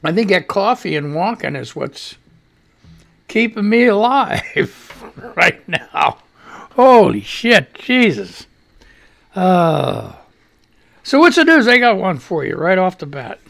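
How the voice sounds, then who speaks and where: A gravelly-voiced man hosts a live radio show, a little out of breath. His talk swings high and low with lively energy, loud, profane and full of rambling asides. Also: slow pace, long pauses.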